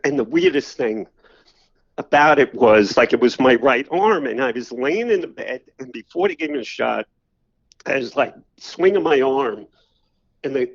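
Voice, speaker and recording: A man's voice: mid-range voice, expressive, normal speed. An older man, a podcast guest telling personal stories in a loose, rambling way full of "you know" fillers. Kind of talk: casual storytelling interview. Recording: slightly dull lo-fi audio.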